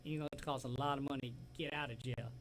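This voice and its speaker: Rapid-fire and steady in tone, a man with a slightly bright, medium-pitched voice and a Southern US accent co-hosts a casual talk show. He rambles through stories, laughs easily and often trails off mid-sentence. Slight background noise mars the rough recording.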